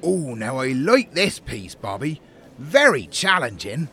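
A man playing a dim, literal-minded father in an audio comedy sketch, musing slowly. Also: mid-range voice, very animated, a bit bright, a little hiss or hum. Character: dim, slow-talking middle-aged dad.

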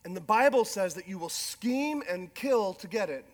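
A middle-aged male pastor preaching a sermon with animated, self-deprecating humor. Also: sits high, normal speed. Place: large church hall. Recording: long hall reverb.

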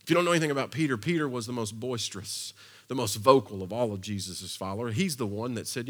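A man's voice: medium pitch, fast. Preacher man in a reverberant hall. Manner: conversational, dramatic swings from loud to hushed. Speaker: pastor. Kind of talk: sermon storytelling. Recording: long reverb of a large hall.

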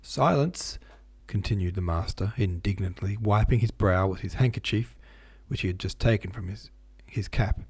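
Male reader, low husky voice, measured classic-novel reading. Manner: steady, measured reading that stops to explain footnotes. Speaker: audiobook reader.

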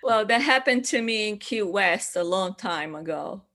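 A woman's voice: medium pitch, expressive, moderate pace, fairly bright tone. A middle-aged woman from Brazil, chatting as an interview guest, laughing often and restarting her phrases. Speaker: guest artist. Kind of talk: casual interview chat.

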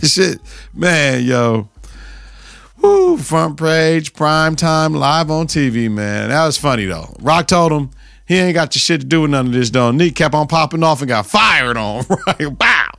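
A man's voice: fairly high pitch, very animated, moderate pace, creaky, fairly bright tone, no room sound. A man hosting a podcast, recapping a TV episode in loose, slang-heavy casual chat with repeated catchphrases.

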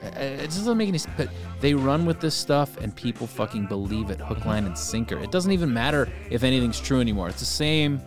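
A man's voice: medium pitch, big pitch swings, fast talker, hardly any pauses, over music. A man on a podcast, ranting heatedly and swearing as he talks politics. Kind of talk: casual political podcast chat.

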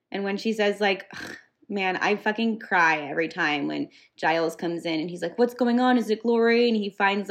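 Gushing woman podcast co-host. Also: on the low side. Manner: emphatic, gushing, swears freely. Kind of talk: casual podcast chat.

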